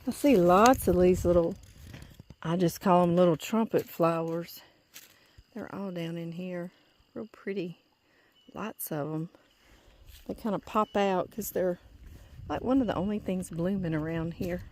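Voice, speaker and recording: Walking outdoors with her phone, this vlog host, a middle-aged Louisiana woman with a Southern accent, moves from a pasture to a porch, chatting folksily and laughing a lot. Her voice is fairly low and a little slow, with frequent pauses and a darkish tone, plus a little hiss or hum in the audio.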